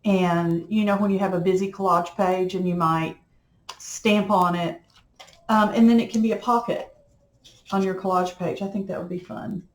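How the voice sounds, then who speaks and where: A woman's voice: mid-range voice, fairly even intonation, normal speed. A middle-aged woman, chatting in a folksy, rambling way while she works on a craft project at home. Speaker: crafting vlogger. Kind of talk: casual chat while crafting. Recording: echoey room.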